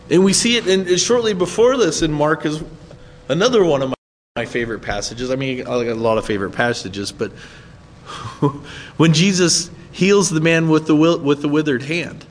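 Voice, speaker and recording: A man's voice: fairly high pitch, long reverb tail, slight background noise. A man preaching a sermon in a conversational way, often checking in with his listeners. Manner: conversational, asks listeners "right?". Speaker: pastor.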